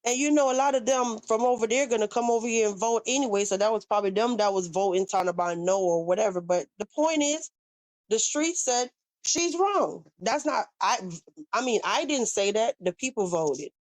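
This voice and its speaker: A woman's voice: mid-range voice, brisk, a little mellow. A woman with a Southern US accent hosting a casual live stream, talking bluntly and with plenty of swearing as she speaks straight to her chat. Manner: blunt, profane, addresses chat directly. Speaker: livestream host.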